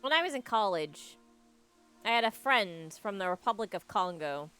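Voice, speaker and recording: A woman's voice: mid-range voice, animated, moderate pace, fairly bright tone, clear, resonant tone, faint music behind. Chatty, joking woman streamer. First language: English. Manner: chatty, joking and self-mocking with frequent laughs. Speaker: game streamer. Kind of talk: casual live-stream chat while gaming.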